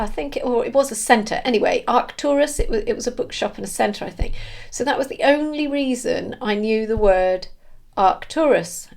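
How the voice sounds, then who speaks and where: A woman giving an earnest, emotional spiritual monologue, halting and restarting as she searches for words. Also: medium pitch, a little mellow. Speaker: spiritual vlogger.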